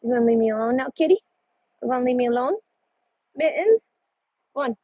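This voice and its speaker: A woman truck driver chatting casually with her livestream viewers, blunt and quick to swear. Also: a little high, no room sound, highs cut off.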